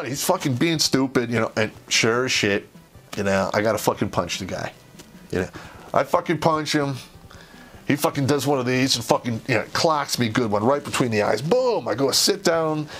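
A man casually telling an army anecdote, swearing constantly and retelling it with animated energy. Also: on the high side. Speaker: army veteran storyteller.

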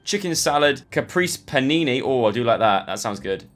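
A man's voice: mid-range voice, big pitch swings, a little fast, a bit bright. A young man chatting and thinking aloud as he plays through online quizzes for his channel. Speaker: YouTuber. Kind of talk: casual commentary playing online quizzes.

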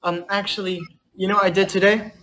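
A man's voice: high voice, flat delivery, brisk, sharp tone. A man hosting a casual livestream, chatting with his parents and thanking viewers. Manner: chatty, talks about his day to viewers and family. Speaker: livestream host. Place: home indoors, outside a restaurant. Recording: echoey room with music playing.

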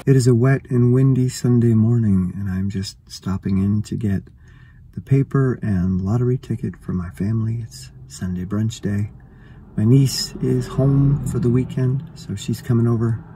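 A man's voice: medium pitch, moderate pace, dark tone, a little hiss or hum. A man in his fifties, a fitness vlogger, talks to the camera in a casual, reflective way and thinks aloud. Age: 50s. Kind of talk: casual vlog monologue.

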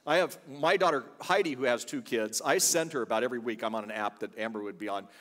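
A man's voice: medium pitch, fast, a bit bright, in a large hall. An older man, a guest pastor, preaching a sermon full of chatty, humorous family stories in a church. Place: church sanctuary.

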